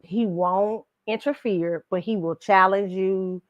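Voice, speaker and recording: Host, middle-aged woman, mid-pitched voice, loose and animated commentary. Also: slow, no echo, dull audio. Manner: casual, animated storytelling with frequent laughs. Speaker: show host. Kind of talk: pop culture commentary.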